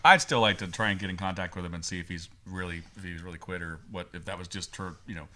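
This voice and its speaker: A man with a low, bright voice talks fast on a casual podcast. He trades quick remarks and short agreements with his co-host. Relaxed and conversational. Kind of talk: casual chat.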